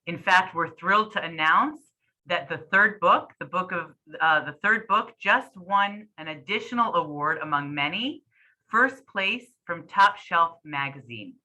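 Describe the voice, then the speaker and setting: Female host, low-pitched and very bright, reading a welcoming intro. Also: lively intonation, measured pace, low-quality recording. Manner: formal, welcoming. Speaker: event host.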